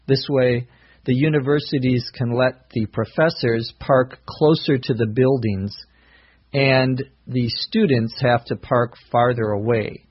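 A middle-aged man giving a scripted English vocabulary lesson, explaining words slowly and carefully. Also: medium pitch, steady tone, breathy edge. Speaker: English teacher. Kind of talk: slow scripted language lesson. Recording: dull lo-fi recording.

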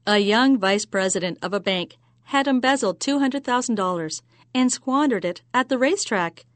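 A woman telling a joke as a story in an even, measured way. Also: a little high, no room sound.

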